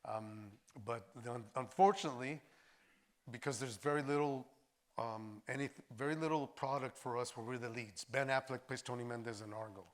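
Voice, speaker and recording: An older actor and filmmaker, a man, telling stories in a lively way at a post-screening discussion, acting out voices as he goes. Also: mid-range voice, moderate pace. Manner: animated storyteller, acts out voices. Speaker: actor and filmmaker, interview guest.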